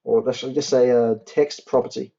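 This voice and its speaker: A young man tutors a programming class, talking through each line of code as he types it and slowing down to spell out syntax. His voice is mellow and dark. The recording sounds dull and lo-fi, with keyboard typing and clicking behind him. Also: medium pitch, fairly even intonation, vocal fry. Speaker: university tutor. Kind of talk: coding tutorial.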